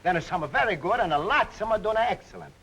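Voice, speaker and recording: A man's voice: high-pitched, lively intonation, fast talker, a bit bright, breathy edge, pitched above the performer's own voice, full character voice, low-quality recording. An actor putting on a comic broken-English dialect, playing a chummy, joking immigrant man who laughs as he talks. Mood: jovial.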